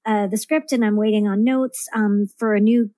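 A woman's voice: mid-range voice, steady tone, normal speed, dark tone, no room sound. A woman talking as a podcast guest about her writing, rambling with lots of fillers and restarts. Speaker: guest, comics writer. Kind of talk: casual podcast interview.

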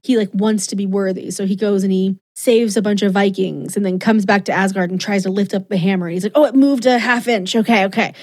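A woman's voice: mid-range voice, level tone, fast, few pauses, a little mellow. A woman co-hosting a podcast in casual chat, gushing and emotional, acting out quotes as she goes. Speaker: podcast co-host.

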